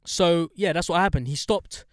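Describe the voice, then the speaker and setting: Young guy ranting bout his day, voice sits a bit high, swears a lot, dry close sound. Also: normal speed, no room sound. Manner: animated storyteller, swears, gets heated and high when indignant. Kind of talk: casual chat.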